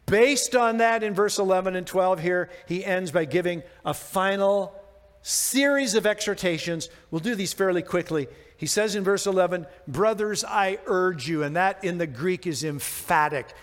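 High-voiced pastor preaching in a reverberant hall. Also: male voice, moderate pace. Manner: conversational, self-deprecating preaching with rhetorical questions. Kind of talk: sermon.

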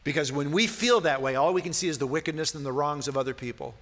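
A man's voice: fairly high pitch, quick pace, fairly bright tone. A man preaching a sermon as a pastor, earnest and building to emphatic questions. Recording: long reverb of a large hall.

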